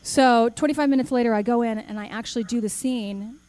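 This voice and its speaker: Woman speaker, animated storytelling talk, slightly higher voice, acts out dialogue. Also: fairly quick. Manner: animated storyteller, acts out quoted dialogue, asks the audience questions.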